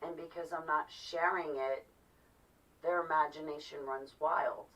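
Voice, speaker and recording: A woman's voice: low-pitched, steady tone, unhurried, a bit bright. A woman talking to camera in a personal monologue, impassioned and emphatic. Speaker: vlogger. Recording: distant mic, dull lo-fi sound.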